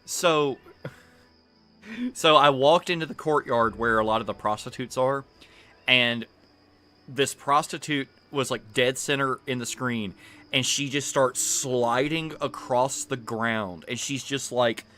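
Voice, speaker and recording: A man's voice: medium pitch, slow pace, bright, forceful tone. A man streaming a video game, chatting casually with fillers and laughs as he plays. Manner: rambling, laughing, full of fillers. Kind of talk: casual gameplay commentary.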